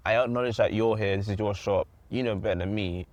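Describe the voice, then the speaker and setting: A man's voice: on the low side, quick pace, a little mellow, dry recording. A young man hosting a podcast in casual chat, telling stories in a laid-back way. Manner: laid-back, storytelling, laughs often. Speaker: podcast host.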